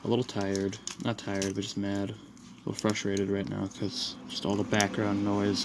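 A man talks through a toy review in a low, monotone voice, rambling and apologizing between steps. He sounds frustrated throughout. It is a noisy recording made in a room at home. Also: fairly quick, vocal fry. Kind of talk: casual toy review walkthrough. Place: room in a house.

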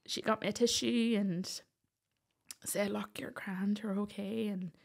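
Gravelly Northern Irish woman telling her story. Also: medium pitch, measured pace. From Northern Ireland. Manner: animated storytelling, acting out quoted voices. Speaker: guest. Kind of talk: personal storytelling in a podcast interview.

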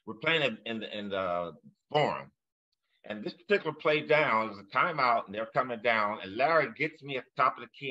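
A man tells an animated story from his playing days, getting louder as it builds to the big moment. His voice is bright and forward. The recording has a dull, lo-fi sound. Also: medium pitch. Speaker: former player telling a story.

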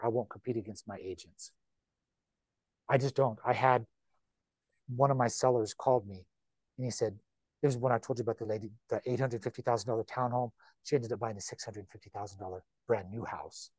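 Broker type: a man with a mid-range voice, dry and close, giving a chatty, animated training talk. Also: mid-range voice, no echo. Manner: chatty, animated, with quick repeats and asides. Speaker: real estate broker leading agent training. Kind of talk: informal training talk to a room of agents.

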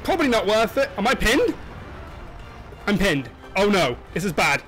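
An excitable young man talks over his gameplay, his voice sitting a little high and swinging widely in pitch. He yelps, laughs and chatters casually, with faint game music underneath. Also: moderate pace. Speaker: gaming channel host.

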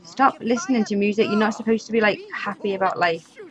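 A gaming YouTuber chats casually over a life-sim game in a let's-play, often exasperated and laughing. Her voice is medium-pitched and quick, and the audio sounds dull.

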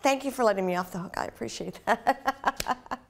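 A woman's voice: fairly high pitch, very animated, normal speed, creaky. A woman from Canada, a singer chatting casually and upbeat in an interview, often saying "you know".

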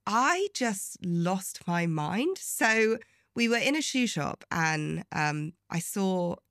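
A woman's voice: mid-range voice, very animated, takes it slowly, a bit bright, dry recording, studio quality. A woman co-hosting a casual chat podcast, chatty and laughing often. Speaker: podcast co-host.

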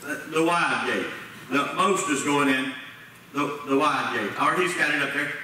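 A man's voice: on the high side, moderate pace, pushed and bright. Folksy preacher man in an echoey church. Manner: folksy preaching with Southern-style grammar, asks the congregation questions. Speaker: pastor. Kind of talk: sermon. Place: church sanctuary. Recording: echoey church sanctuary from far off, faint noise.

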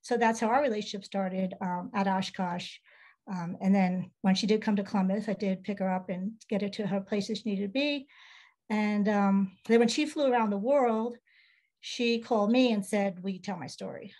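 A woman's voice: medium pitch, moderate pace, rough recording. A woman who writes children's books, telling a story in a casual interview and acting out the dialogue she quotes. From Ohio. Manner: animated, acts out quoted dialogue. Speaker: children's book author.

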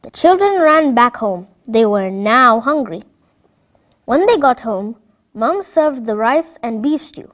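A woman narrating a children's story in a clear, expressive read-aloud voice. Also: a little high, slow pace.

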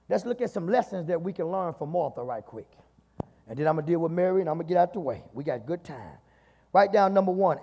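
A Southern US pastor preaches to his church in a very high, husky voice with a mellow, dark color. He keeps breaking in with "my God" and calls out to the congregation. The sound carries a long hall reverb. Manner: call-and-response preaching, repeats "my God". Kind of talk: sermon. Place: church sanctuary.

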